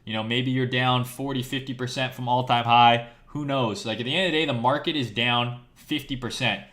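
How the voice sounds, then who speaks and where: Hoarse from hours of talking on a live stream, a crypto trader rants bluntly and profanely to his viewers, checking in with "right?" again and again. His medium-pitched voice is steady, fairly bright, and a little fast, though he's losing it.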